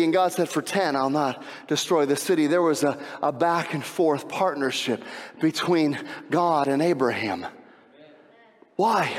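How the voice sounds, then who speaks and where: A male pastor delivers a lively sermon in a somewhat high voice, firing rhetorical questions at his congregation. His words ring out with a long reverb, as in a large church sanctuary.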